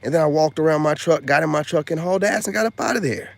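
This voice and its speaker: A man vlogging a casual story in a rambling, slangy way, dropping loud boasts and then hushed asides, full of filler phrases. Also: on the high side, fast, gravelly, no echo.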